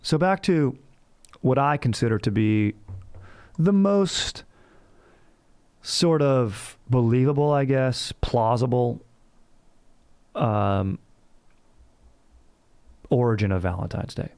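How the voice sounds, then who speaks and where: A man's voice: medium pitch, lively intonation, slow, pauses often, darkish tone, smooth, no echo. A man hosting a casual comedic history show, rambling and slangy, cursing freely. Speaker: history podcast host.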